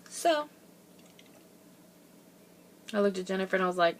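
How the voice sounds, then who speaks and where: A young woman vlogging, telling a family story in a lively casual way, laughing often and acting out the quoted voices. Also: medium pitch, slow, background noise.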